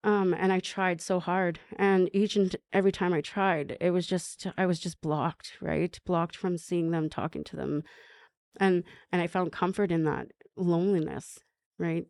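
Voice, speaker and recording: Woman, middle-aged, lower register, halting confessional storyteller, dry booth sound. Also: fairly even intonation, gravelly, darkish tone, no echo. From Canada. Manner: halting, many fillers and restarts. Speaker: podcast guest. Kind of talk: emotional personal recovery story.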